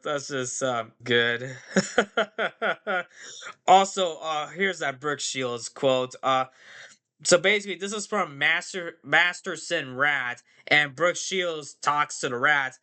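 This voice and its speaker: A man's voice: a little high, slow pace, sharp tone. A man giving a casual, rambling movie review vlog, full of fillers and tag questions.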